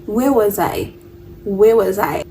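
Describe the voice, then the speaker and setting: A young woman telling a personal story on her vlog, animated and mixing English with Zulu phrases. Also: medium pitch, takes it slowly, creaky, far from the mic, a little hiss or hum, low-quality recording. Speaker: vlogger.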